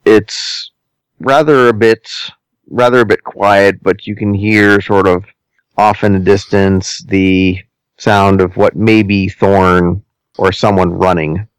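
A man narrating a tabletop game as game master, deliberate and hesitant, with many ums and restarts. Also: sits low, steady tone, smooth, no room sound, rough recording.

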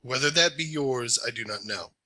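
Half-elf ranger, reserved and earnest, a man in his own voice, very bright sound. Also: medium pitch, normal speed. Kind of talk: in-character tabletop role-play.

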